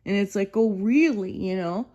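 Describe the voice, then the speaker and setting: A woman in her fifties with a mellow, darker tone, rambling through a casual vlog monologue. She sounds exasperated and keeps dropping "you know" between thoughts, at a middling pitch. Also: normal speed, highs cut off. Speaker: vlogger.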